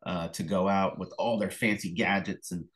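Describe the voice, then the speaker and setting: A middle-aged man with a fairly low voice speaks casually as an interview guest. He tells stories with plenty of fillers and restarts, and he acts out phone calls and reactions with sudden bursts of energy. He sounds like he is on a remote call. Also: steady tone, moderate pace, a bit bright, poor audio. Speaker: author and illustrator, interview guest.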